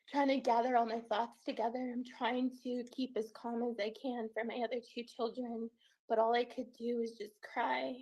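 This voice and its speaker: A woman calls in to a show as a guest and tells her own story, earnest and tearful, in an emotional first-person account. Her voice is mellow and on the high side, with dull audio.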